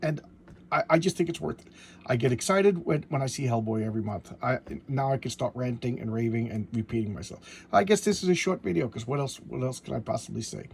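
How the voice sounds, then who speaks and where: A man casually reviewing a comic book in a home vlog, rambling and excitable, with many restarts and fillers. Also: mid-range voice, fairly quick, gravelly, a little hiss or hum.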